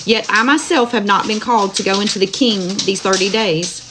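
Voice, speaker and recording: A woman slowly reading Bible passages aloud at home, stopping to chat warmly with viewers. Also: medium pitch. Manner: slow, tender reading, chats with viewers. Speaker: Bible reader. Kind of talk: live-streamed Bible reading with chat asides. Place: home with dogs running about. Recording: noisy home recording.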